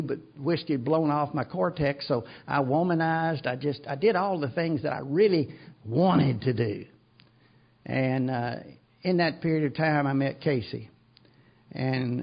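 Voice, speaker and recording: Older man, gravelly, rambling self-deprecating storyteller at a recovery meeting; muffled lo-fi sound. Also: on the high side. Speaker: AA speaker. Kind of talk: recovery talk to an audience. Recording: dull lo-fi recording.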